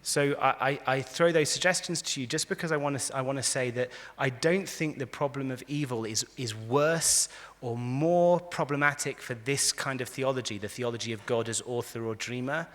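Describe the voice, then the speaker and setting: A man, a rabbi, giving a lively lecture to a live audience, telling stories and acting out the quotes with frequent restarts. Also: mid-range voice, moderate pace, few pauses. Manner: animated storyteller, frequent restarts, acts out quotes. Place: large convention hall. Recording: echoey hall.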